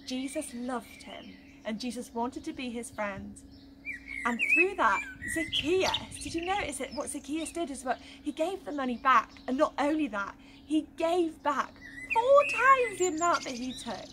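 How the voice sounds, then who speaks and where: A woman reading a rhyming Bible story aloud to children, slow, gentle and expressive, with loud background noise and birdsong. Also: high-pitched.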